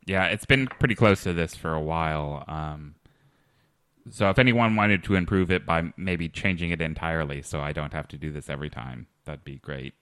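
A man's voice: a bass voice, moderate pace, a bit bright, clear, resonant tone, no echo. A man hosting a comedy podcast, talking in a hesitant, dry comic way with many fillers. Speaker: podcast host.

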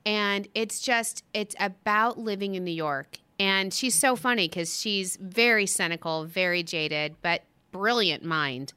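Brief: middle-aged female talk-show host, crisp tone, eager, rambling chat style. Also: medium pitch, unhurried, hardly any pauses, bright, forceful tone. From US West Coast. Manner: chatty, enthusiastic, restarts often. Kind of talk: casual chat.

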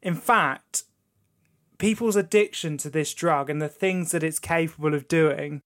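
A man's voice: on the high side, a little slow. A man co-hosting a podcast in casual chat, telling his pick with crude swearing. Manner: crude, swearing, animated storytelling. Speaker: podcast co-host.

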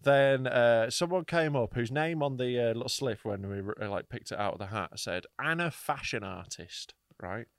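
A man, a comedian co-hosting a podcast, telling a story in a casual, animated, sweary way with frequent laughs. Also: mid-range voice, moderate pace, hardly any pauses, dry recording, clean studio sound.

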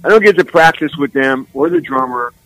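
An older man from San Francisco, a musician guest, telling rambling, animated stories full of "man" and "you know.". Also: a little high, brisk, low-quality recording. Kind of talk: casual storytelling interview.

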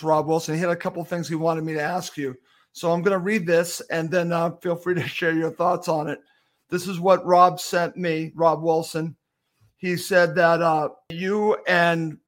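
Male podcast host, high-pitched, friendly and conversational. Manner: friendly, reads out listener questions. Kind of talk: interview questions.

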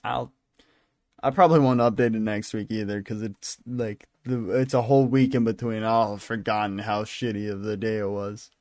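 A tired, yawning young man hosts a solo casual podcast from his home desk, speaking into a handheld mic in a fairly low, steady, slightly mellow voice at a moderate pace. He rambles, apologizes and puts himself down, and the recording is dry and studio-quality.

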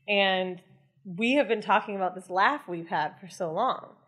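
A woman's voice: medium pitch, a little slow, fairly bright tone, breathy edge. A woman co-hosting a casual chat show, telling funny stories and laughing a lot. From half Israeli father. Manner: laughing, joking storyteller. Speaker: podcast co-host.

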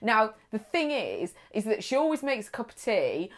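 A woman's voice: fairly high pitch, very animated, moderate pace. A woman in her thirties chatting casually, laughing often and acting out the people she quotes. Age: 30s. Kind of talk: casual chat.

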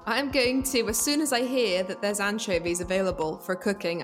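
A woman's voice: mid-range voice, normal speed, few pauses, music in the background. A woman playing a tabletop game, confident and laughing as she speaks. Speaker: player. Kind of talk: in-character tabletop role-play.

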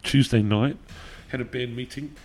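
A man's voice: mid-range voice, fairly even intonation, moderate pace, crowd noise. A middle-aged man with a New Zealand accent, a guest telling stories in a casual interview, swearing freely and laughing often. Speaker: podcast guest, musician.

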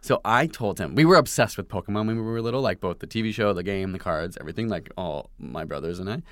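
A male podcast co-host with a fairly low voice tells stories with energy, leaning on plenty of casual fillers. He sits close to the mic in a dry, dead room. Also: fast, no room sound. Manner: storytelling, energetic, many fillers.

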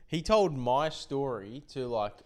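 A man's voice: medium pitch, expressive, slow pace. A young man co-hosting a casual podcast, laid-back, chuckling and swearing as he chats. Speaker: podcast co-host. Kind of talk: casual chat.

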